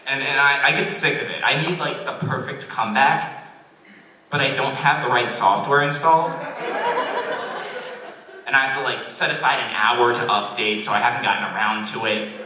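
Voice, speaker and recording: A young man doing a stand-up set at a college comedy club, awkward and self-deprecating, with halting restarts. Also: mid-range voice, steady tone, bright, forceful tone. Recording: roomy distant club recording. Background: audience laughter.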